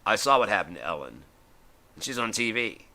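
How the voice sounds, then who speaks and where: A man's voice: fairly low pitch, big pitch swings, brisk, sharp tone. A man, middle-aged, hosting a live stream and ranting in a heated, profane way, acting out the voices he quotes. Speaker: host.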